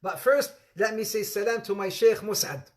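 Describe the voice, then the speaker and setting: A man's voice: high-pitched, moderate pace. A man giving an interactive religious lesson, repeating phrases for emphasis, calling on students by name and joking with playful asides. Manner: laughs often, playful asides. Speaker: Islamic teacher.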